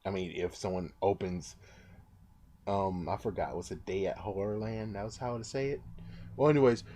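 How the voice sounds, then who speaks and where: A man reviewing books in a casual, rambling, excitable way, with mild swearing. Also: deep voice, normal speed. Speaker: book reviewer.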